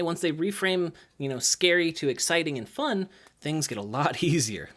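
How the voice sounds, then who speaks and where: At a moderate pace, a young adult gymnastics coach speaks informally to the camera about what coaching involves. He sounds animated, drops in plenty of fillers, and acts out what the kids say using higher voices.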